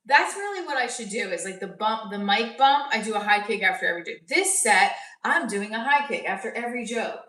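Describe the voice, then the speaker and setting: A woman's voice: mid-range voice, lively intonation, brisk, hardly any pauses, a bit bright. Rambling woman comic on an echoey stream. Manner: rambling, self-interrupting, jokey. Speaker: comedian hosting a livestream. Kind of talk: casual chat with live chat. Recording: echoey room, voice a bit far from mic.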